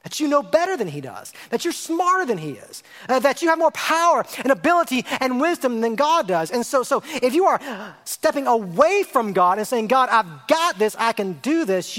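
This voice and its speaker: A male pastor preaching a sermon, lively and rhetorical, repeating phrases and asking his congregation questions. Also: very high-pitched. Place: church sanctuary. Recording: long hall reverb.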